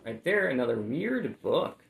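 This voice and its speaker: A man's voice: medium pitch, sing-song, unhurried, gravelly, roomy sound, poor audio. A man chatting casually about items he has sold, laid-back and rambling with lots of fillers. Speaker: reseller showing sold items. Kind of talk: casual chat.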